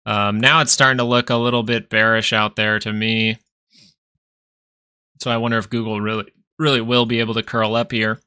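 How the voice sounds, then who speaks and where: A man's voice: fairly low pitch, little pitch movement, fairly quick, pushed and bright, clear, resonant tone. A man hosting a live stock market stream, chatting casually and rambling between chart talk and answers to viewers. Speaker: stock market livestream host.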